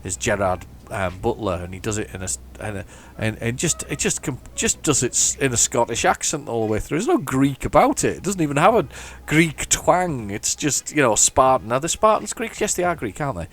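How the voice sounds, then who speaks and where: A man's voice: medium pitch, very animated, fairly quick, few pauses. A man giving chatty, mock-heroic commentary while playing a driving game. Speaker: gaming channel host. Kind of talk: casual gameplay commentary.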